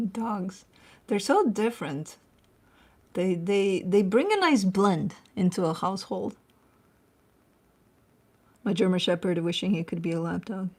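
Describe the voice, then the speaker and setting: Husky casual woman, loose and chatty. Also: medium pitch, animated, a little slow, long pauses, darkish tone. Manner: chatty, swears casually, coos baby talk at her dog. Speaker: tarot reader and channel host. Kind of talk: casual chat to camera. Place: at home.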